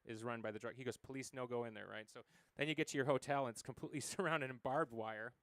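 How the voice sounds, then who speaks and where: An American man in his forties, a musician, tells stories as a guest in a casual interview, rambling with lots of fillers and acted-out quotes. He talks fast at a medium pitch with a fairly bright tone, and there's no room sound.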